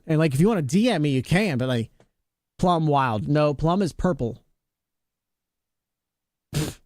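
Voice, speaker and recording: A man's voice: on the high side, dry recording, clean studio sound. A male streamer chatting casually with viewers, joking around, laughing often and greeting chatters by name.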